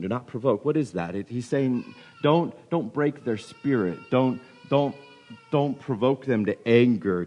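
A man preaching a sermon, animated and full of questions, repeating himself as he goes, with a cold coming on. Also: mid-range voice. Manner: animated, questioning, with many restarts. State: getting a cold. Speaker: pastor.

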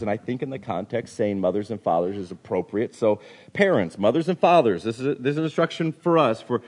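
A man preaching a sermon, animated and full of questions, repeating himself as he goes, with a cold coming on. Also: mid-range voice. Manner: animated, questioning, with many restarts. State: getting a cold. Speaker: pastor.

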